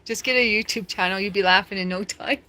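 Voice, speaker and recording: A woman's voice: medium pitch, fast talker, bright, forceful tone, slight background noise. A woman chatting casually on a live stream from home, talking straight to viewers and laughing often.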